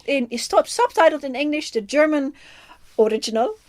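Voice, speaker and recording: A woman's voice: high voice, expressive, moderate pace, a little mellow. A woman from the Netherlands with a Dutch accent, a film reviewer chatting casually as co-host, thinking aloud and laughing often. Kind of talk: casual chat.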